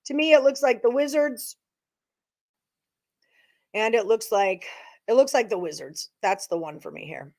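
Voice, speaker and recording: A woman hosts a live sports betting stream, chatting casually and thinking aloud to her viewers as she works through her picks. Her voice is on the high side and animated, a little mellow, at a measured pace with frequent pauses.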